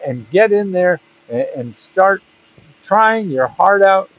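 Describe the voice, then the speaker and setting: A man's voice: high-pitched, lively intonation, takes it slowly. A man hosting and giving grant advice in casual talk to the camera, rambling and chatty, with bursts of emphatic urging. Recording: dull, dry lo-fi audio.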